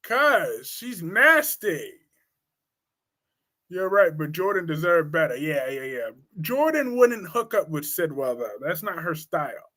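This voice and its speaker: A high-voiced man hosting a casual live stream and answering comments from the chat. His manner is blunt, crude and gossipy. He teases a lot and his volume swings quickly between outbursts and quiet asides. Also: very animated. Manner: teasing, quick swings in loudness. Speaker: host of a live soap opera talk stream.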